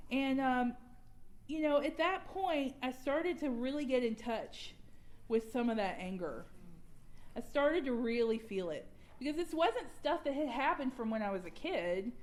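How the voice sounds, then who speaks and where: A young adult woman, candidly sharing her personal recovery story at a workshop and laughing at herself now and then. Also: high voice. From Georgia, US.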